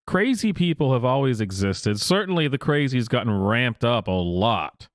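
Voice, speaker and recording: A man hosting casual reaction commentary, incredulous and halting, often breaking into laughter. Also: medium pitch, dry recording, studio quality. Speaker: host.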